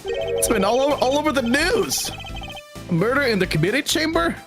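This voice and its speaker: A cheery, nosy male reporter who teases and exclaims his way through every line, read aloud by a streamer. The pitch swings up and down in a lively way, and game music plays clearly behind him. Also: moderate pace. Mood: teasing. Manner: breezy, teasing, exclaiming. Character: chatty upbeat male reporter.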